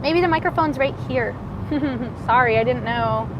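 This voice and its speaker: A woman livestreaming from her car, ranting passionately, swinging between shouting and muttering. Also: high-pitched, a little slow, dull audio. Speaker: livestreaming vlogger. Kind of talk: rambling livestream rant while driving. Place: in a car in city traffic. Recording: noisy car interior. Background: road and traffic noise.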